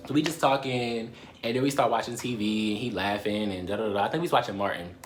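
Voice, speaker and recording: A young man from Baltimore with a Baltimore accent, telling a personal story to camera in a lively, profane way and addressing viewers as "y'all". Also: fairly low pitch, quick pace, slight background noise. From Baltimore, USA. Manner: animated, swears a lot, laughs often, addresses viewers as "y'all". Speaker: storytime vlogger.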